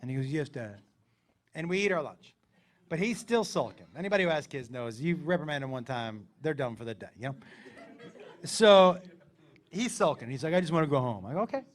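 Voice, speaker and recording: A man's voice: a little high, a little fast. A middle-aged man doing stand-up, telling a story and acting out the people in it, on a comedy club stage. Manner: animated, acts out characters in the story.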